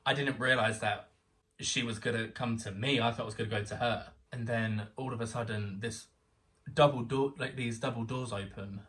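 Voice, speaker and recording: Young man, animated storyteller, chatty guest, set back from the mic. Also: mid-range voice, moderate pace, recorded from a distance. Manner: excitable, animated storyteller who acts out quotes. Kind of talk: casual storytelling chat.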